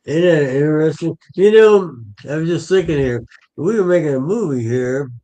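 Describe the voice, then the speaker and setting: A man's voice: a little high, lively intonation, normal speed, warm tone. A man co-hosting a talk radio show, asking his guest curious questions. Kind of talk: casual radio chat.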